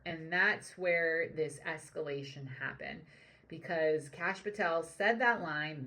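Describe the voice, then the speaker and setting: Woman, young adult, leadership coach doing solo commentary; deep, fry-heavy voice, reflective with lots of "like" and "um.". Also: bright, forceful tone. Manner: reflective, analytical, frequent "like" and "um". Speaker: leadership coach and podcast host. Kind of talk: solo commentary on current events.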